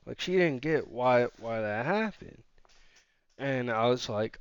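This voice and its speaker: A man's voice: mid-range voice, animated, measured pace, clean tone, no echo, dull audio. A man hosting a gaming channel, telling a casual, rambling story full of fillers and quoted dialogue.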